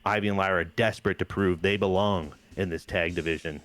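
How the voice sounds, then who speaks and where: A man's voice: deep voice, steady tone, a little fast, fairly bright tone. A man hosting a game playthrough, narrating the story in a hyped, playful way. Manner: hyped, playful, says "baby" a lot. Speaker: host. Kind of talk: casual game commentary.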